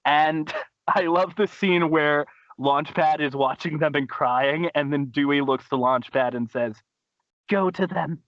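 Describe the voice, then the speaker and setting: A man hosting a podcast, casually recapping a cartoon episode in an animated way, laughing and acting out quotes. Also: unhurried, no room sound, highs cut off. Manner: animated, laughing, acts out quotes in high voices. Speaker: podcast host.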